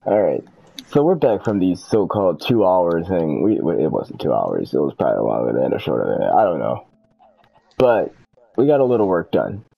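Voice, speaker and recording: A man's voice: low voice, wildly swooping pitch, normal speed, vocal fry, slightly rough, highs cut off. A man hosting a gaming video, chatting casually and rambling through self-corrections while he plays. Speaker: gaming channel host. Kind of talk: casual gameplay chat.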